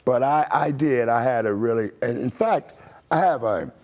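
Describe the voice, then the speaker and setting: An older American man, a former basketball pro, telling stories in a relaxed, chuckling way full of "you know". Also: medium pitch, moderate pace. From Toledo, Ohio, USA. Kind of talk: casual interview storytelling.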